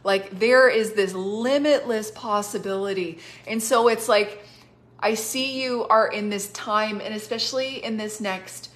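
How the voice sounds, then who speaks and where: A woman's voice: mid-range voice, measured pace, a bit bright. Woman, prophetic minister, chatty, effusive, lots of "like", bit of a cough. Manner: chatty and effusive, many "like"s, laughs often. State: has a cough, on cough syrup. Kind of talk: spontaneous prophetic ministry over a live stream.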